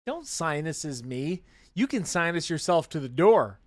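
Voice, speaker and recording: A man's voice: fairly high pitch, sing-song, a little slow, slight background noise. A man co-hosting a hobby painting livestream, teasing his co-host and laughing often, with playful announcer bits. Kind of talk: casual banter on a painting livestream.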